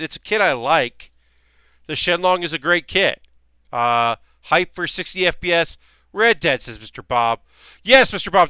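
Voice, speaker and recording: Annoyed streamer man, bright crisp voice. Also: fairly high pitch, dry recording. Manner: ranting, annoyed, rambling with many fillers. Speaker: streamer building model kits. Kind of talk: casual live-stream chat.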